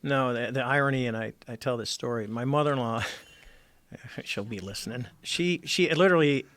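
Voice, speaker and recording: A man's voice: mid-range voice, moderate pace, fairly bright tone. A middle-aged man, a former Navy squadron commander, telling a story as a podcast guest and acting out the dialogue as he goes. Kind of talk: casual storytelling interview.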